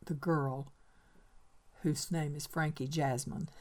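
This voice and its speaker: A woman's voice: low voice, fairly even intonation, slow, darkish tone. A woman reading literary excerpts aloud and commenting on them in a reflective, hesitant way. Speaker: reader and teacher.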